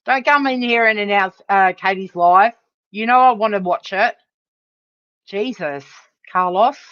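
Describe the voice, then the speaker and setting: A woman's voice: mid-range voice, unhurried, no room sound. Heated woman ranting on a lo-fi stream. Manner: heated, profane, emphatic. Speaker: livestream host. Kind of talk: angry livestream rant.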